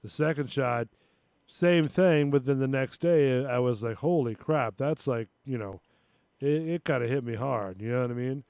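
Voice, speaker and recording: A man's voice: medium pitch, moderate pace, darkish tone, smooth, no room sound. Rambling male stream host, dry sound. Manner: rambling, retells phone calls with voices. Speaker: show host. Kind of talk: casual live-stream chat.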